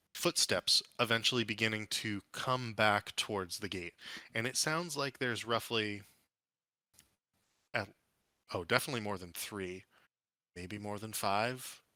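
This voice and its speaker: A man's voice: on the low side, bright, forceful tone, no echo. A man narrating as dungeon master, describing scenes with frequent fillers and restarts. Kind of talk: narrating a tabletop game.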